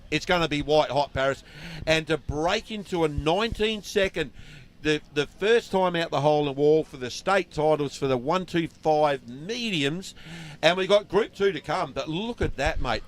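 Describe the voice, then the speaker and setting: A man, a former racer, giving chatty, excitable co-commentary on kart racing. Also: fairly high pitch. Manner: excitable, chatty, says mate a lot. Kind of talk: live motorsport commentary.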